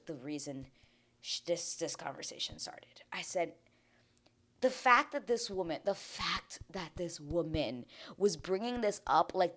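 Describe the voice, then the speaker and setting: A fed-up woman hosts a reality TV recap, ranting in loose, casual commentary and swearing without a second thought. Her voice sits a little low for a woman. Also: fairly bright tone. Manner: exasperated, ranting, swears freely.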